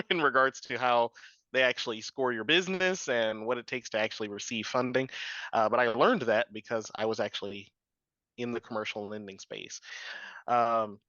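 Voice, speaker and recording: Interview guest, man in his 30s, chatty and rambling, sharp-toned voice on a muffled, dry recording. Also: medium pitch, no echo. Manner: rambling, frequent fillers and laughs. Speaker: guest, drone business owner. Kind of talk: casual interview storytelling.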